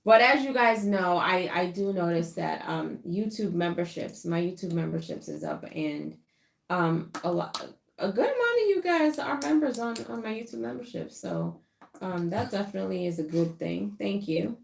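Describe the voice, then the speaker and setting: A woman's voice: on the low side, lively intonation, normal speed, vocal fry, reverberant. A young adult woman co-hosting a channel, talking casually to viewers in a thoughtful, hesitant way with many fillers. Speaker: co-host.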